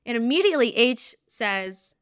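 Bright, crisp-voiced woman telling a story. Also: on the high side, normal speed, no room sound, clean studio sound. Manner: earnest, animated, acts out quoted conversations. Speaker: podcast host and spiritual practitioner. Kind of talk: personal storytelling monologue.

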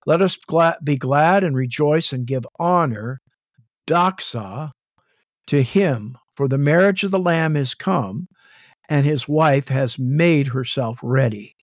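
Slow, deliberate man teaching scripture. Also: on the high side, no room sound, clean studio sound. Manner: slow, deliberate, repeats and spells out words. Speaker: Bible teacher. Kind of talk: Bible study teaching.

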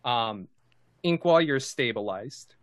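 A man narrating as game master, slow and measured, with frequent hums and ums. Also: mid-range voice, lively intonation, a bit bright, no room sound.

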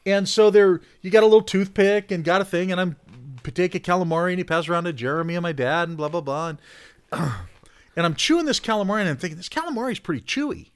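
A man telling a campfire story in relaxed conversation. His voice sits a bit high and gets louder and more animated as the punchlines near. He sounds like a guest at a podcast table. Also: fast, clear, resonant tone. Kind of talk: casual storytelling.

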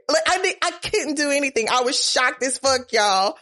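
A woman tells a story as a podcast guest. She swears freely and acts out each quoted line, her voice leaping up for the drama. Her delivery is lively and blunt. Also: moderate pace. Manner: profane, dramatic, acts out quotes with big pitch jumps. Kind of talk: animated storytelling.

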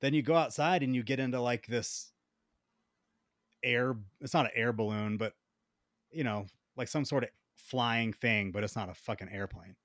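A man's voice: mid-range voice, normal speed, fairly bright tone, dry recording. Dry, profane podcast host, man. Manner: rambling, profane, wry. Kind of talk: casual gaming podcast chat.

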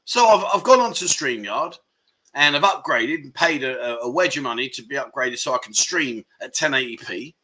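A man's voice: mid-range voice, animated, normal speed, bright, forceful tone. A man hosting a casual livestream chat show from his phone, rambling and reading out viewer comments. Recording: live stream from a mobile phone.

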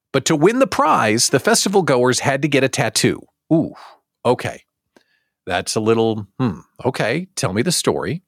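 Animated man hosting a live morning show. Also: mid-range voice, dry recording, clean studio sound. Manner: animated, jokey, acts out scenes. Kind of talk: casual morning show chat. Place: home basement studio.

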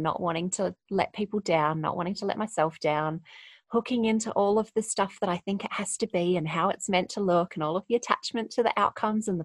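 A woman's voice: fairly low pitch, no room sound. A woman, speaking candidly and reflectively in a casual conversation and laughing often. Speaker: podcast guest, coach.

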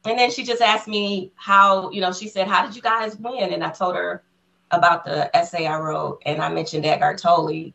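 An excited woman guest on an interview podcast recounts a personal story in a casual, chatty way, acting out the people in it as she goes. Her voice sits a little low for a woman. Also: normal speed, vocal fry.

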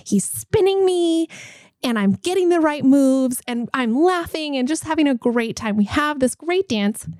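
Animated woman telling a story, dry sound. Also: high voice, a little slow, no echo. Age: 40s. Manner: animated storytelling, laughs often. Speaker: podcast co-host. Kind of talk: casual chat.

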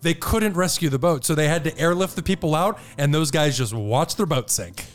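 A man's voice: a little high, lively intonation, brisk. A man hosting a podcast, reading out news items and riffing on them with frequent laughter. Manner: laughs often, reads news items then riffs. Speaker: podcast host. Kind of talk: casual news-discussion banter.

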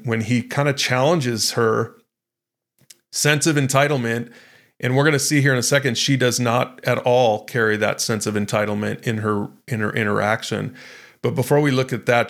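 A man's voice: medium pitch, fairly bright tone. A man co-hosting a Bible study podcast, talking earnestly and conversationally with frequent restarts. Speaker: podcast co-host. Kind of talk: casual Bible study discussion.

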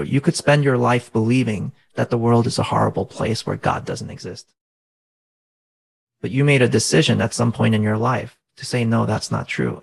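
A man with a gravelly voice talks in an earnest, teacherly way, like a faith-minded coach. He sits at an average pitch and keeps checking in with rhetorical questions. He sounds to be in his thirties. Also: rough recording. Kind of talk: conversational explaining.

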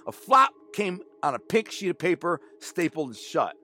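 A man's voice: a little high, very animated, normal speed, sharp tone, slight background noise. A man in his forties telling a candid personal story in casual, slangy speech, quoting the people involved. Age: 40s. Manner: casual, slangy, emotional retelling with quoted dialogue.

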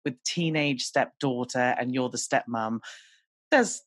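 A woman's voice: very deep voice, unhurried, breathy edge, no room sound. A woman hosting a podcast, telling personal stories in a candid way and laughing easily. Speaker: podcast host. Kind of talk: casual conversation.

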